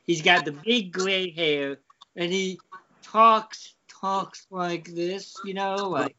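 A man's voice: high voice, pushed and bright. A man chatting casually with a wry, joking manner. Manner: slow, wry, laughs often. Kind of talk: casual chat. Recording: dull lo-fi recording.

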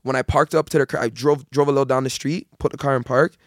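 A young man, telling a story in casual podcast chat, animated and heavy on slang and swearing. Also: medium pitch, fast, no echo, clean studio sound. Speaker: podcast guest.

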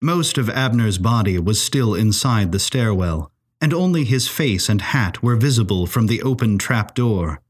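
A male narrator reading a serialized mystery story, with a voice that moves through lively pitch swings. His delivery is expressive yet measured, giving the scenes steady room to unfold. Everything is clean, read-aloud narration. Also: slightly rough. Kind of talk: audio drama story narration.

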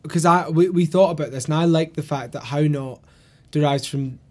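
Male podcast co-host, Glaswegian, softened accent, raised pitch, animated storyteller. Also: moderate pace. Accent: Glasgow Scottish, mellowed. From Scotland, Glasgow. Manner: animated storyteller, swears freely, laughs often. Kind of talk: casual chat.

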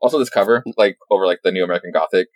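A man with a low voice rambles through his thoughts on a comic, leaning on filler words as he goes. The sound is dry and close. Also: rapid-fire, no room sound. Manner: rambling, heavy use of "like" fillers. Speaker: comic book podcast co-host. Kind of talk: casual chat.

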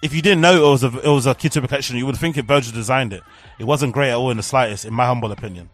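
A man's voice: medium pitch, rapid-fire, soft background music. Candid slangy man. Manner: candid, slangy, swears freely. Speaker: podcast host. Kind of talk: casual live reaction commentary.

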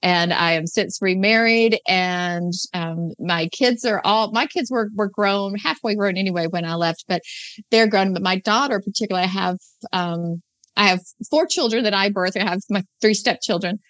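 A woman in her fifties chats as a podcast guest, laughing often and circling back on her words. Her voice sits at an everyday middle pitch. The sound is dry and close. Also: moderate pace, dry recording. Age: 50s. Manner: chatty, warm-hearted, laughs often, trailing restarts. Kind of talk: casual conversational storytelling.

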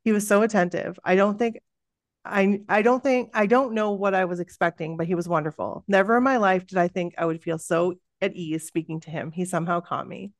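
A woman podcast host reading a listener's story aloud in a lively, expressive way. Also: on the low side, brisk, no echo, clean studio sound.

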